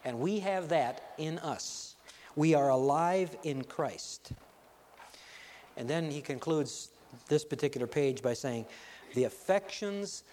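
A man preaching a sermon as a pastor, slow and emphatic, building to forceful peaks on key lines. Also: fairly high pitch, in a large hall, slight background noise.

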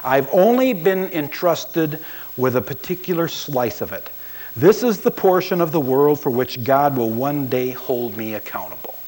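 A man's voice: mid-range voice, expressive, a little slow, a little mellow, low-quality recording. A man preaching a sermon as a pastor, telling stories and acting out quoted voices with emphasis.

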